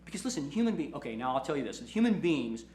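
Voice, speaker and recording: Fast-talking man in an echoey room. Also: on the high side, a little hiss or hum. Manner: animated storytelling, repeats "right?", acts out quotes. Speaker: lawyer and firm owner hosting a talk. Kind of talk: casual motivational talk.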